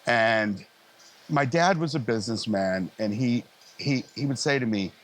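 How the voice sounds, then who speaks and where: A middle-aged man, a live sound engineer, telling lively, easygoing stories in a casual interview and acting out other people's lines. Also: medium pitch, measured pace. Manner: animated anecdotes, acting out others' lines in a raised voice; frequent fillers and restarts, easygoing.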